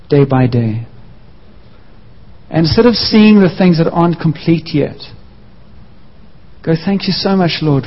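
A man preaching a sermon, sharing his own story in an earnest, personal way. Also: fairly high pitch. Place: church. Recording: muffled echoing church hall.

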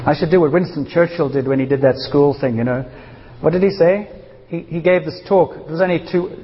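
A man's voice: a little high, moderate pace, long pauses, some chatter behind, a little hiss or hum. A man from South Africa preaching a sermon in an informal, joking way and speaking straight to his congregation. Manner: informal and joking, talks to the audience. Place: church hall. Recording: dull reverberant hall.

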